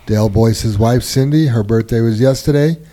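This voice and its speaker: A man's voice: medium pitch, moderate pace. A man hosting a casual workplace podcast, reading out new hires, anniversaries and birthdays. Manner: relaxed, reads names and shout-outs. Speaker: podcast host reading announcements.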